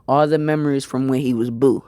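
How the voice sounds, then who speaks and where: A man's voice: mid-range voice, fairly even intonation, fairly quick, warm tone, smooth, dry recording, clean studio sound. A young man casually retelling a fan-made story, rambling with lots of fillers. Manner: rambling, filler-heavy, apologetic asides.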